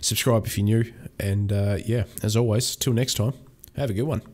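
A man's voice: on the low side, fairly even intonation, normal speed, a little mellow. A young man chatting casually while playing a video game, rambling with many fillers and restarts. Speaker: gaming channel host. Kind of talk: casual let's-play commentary.

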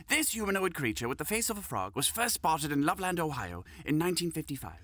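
A man's voice: fairly high pitch, big pitch swings, fast talker, hardly any pauses, a bit bright, no echo. A man narrating comedy sketches in a dry, mock-serious scripted style.

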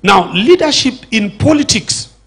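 Nigerian man, middle-aged, husky, fairly high voice, earnest church lecture, rhetorical questions. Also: expressive, a little slow, a bit bright. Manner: repeats words as he searches for a phrase. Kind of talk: public lecture to a church audience.

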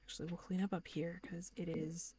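A woman's voice: fairly low pitch, little pitch movement, fairly quick, background noise. A woman streaming a farming game, chatting casually and rambling with lots of filler words. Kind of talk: casual gaming commentary.

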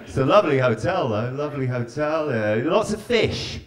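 The stand-up comedian has a medium-pitched, sing-song voice at normal speed. In front of a live crowd that keeps laughing, he chats with listeners and pokes fun at them.

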